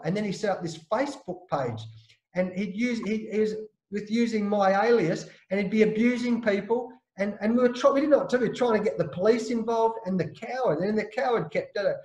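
Australian man, high pitch, storytelling guest, blokey and animated, echoey room sound. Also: brisk. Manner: lively, blokey, acts out the voices in his stories. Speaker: interview guest, former captain.

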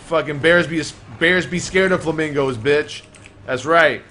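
A man streaming a game live, trash-talking other players with loud, profane, joking outbursts. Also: on the high side, unhurried, a little hiss or hum. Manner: brash trash talk with loud outbursts and laughter. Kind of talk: profane live gameplay commentary.

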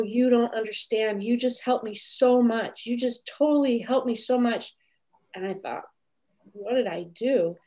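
A woman guest telling a story in an interview over a video call, lively and acting out what others said. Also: on the high side, measured pace. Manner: animated, acts out quoted voices. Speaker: animal communicator guest.

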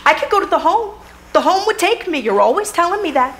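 A woman playing an eager, childlike grown daughter who gets easily excited, in a community theater play. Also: very high-pitched, fast talker, heavily acted. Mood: firm. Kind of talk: community theater stage acting. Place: theater stage.

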